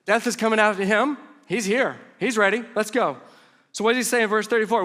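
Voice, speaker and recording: A man preaching a conversational sermon as pastor, telling the story with humorous asides and dropping to hushed tones for emphasis. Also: high-pitched, fast talker.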